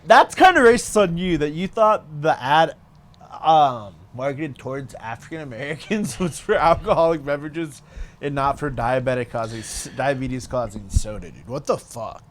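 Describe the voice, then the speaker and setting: A man's voice: a little high, expressive, normal speed, a little hiss or hum. A young man co-hosting a podcast, tossing out wisecracking one-liners in crude casual banter. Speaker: podcast co-host.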